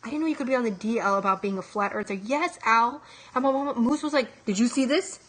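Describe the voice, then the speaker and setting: A woman's voice: a little high, fast. A young woman chatting casually and comically on a live stream, reading and answering audience comments and laughing often. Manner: joking, animated, laughs often. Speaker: vlogger reacting to audience chat.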